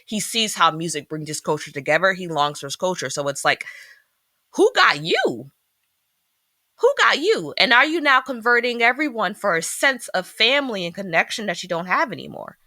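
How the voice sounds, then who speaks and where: A woman's voice: on the low side, fairly quick, few pauses, dry recording, studio quality. A woman from Philadelphia co-hosting a podcast, chatting casually and expressively about a film she reviews. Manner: animated, expressive, teasing. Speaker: podcast co-host.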